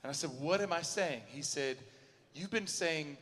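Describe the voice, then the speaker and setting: A man doing a stand-up comedy set, acting out both sides of conversations with lively storytelling. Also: on the high side, moderate pace, slight background noise. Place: university auditorium before a live audience. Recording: long hall reverb.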